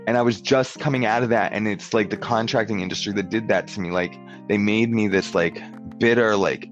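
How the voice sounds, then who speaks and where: A man's voice: on the low side, brisk, muffled recording, faint music behind. A man telling a rambling story in casual chat, filling it with "like" and acting out what people said. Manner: rambling storyteller, many "like"s, acts out dialogue. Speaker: podcast guest.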